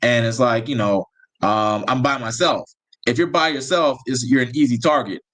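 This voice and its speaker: Co-host, man, mid-pitched, relaxed, casual, thinks aloud. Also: moderate pace, low-quality recording. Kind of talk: casual chat.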